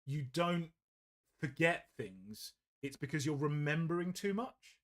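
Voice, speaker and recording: A chatty man with a fairly high-pitched voice. He tells rambling stories at his painting desk, laughing often as he goes. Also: expressive, a little slow, a bit bright. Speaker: host of a painting livestream. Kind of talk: casual chat.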